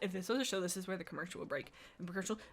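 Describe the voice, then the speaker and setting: A woman reading fanfiction aloud and reacting with animated, giggly, joking asides. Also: fairly low pitch, racing, background noise.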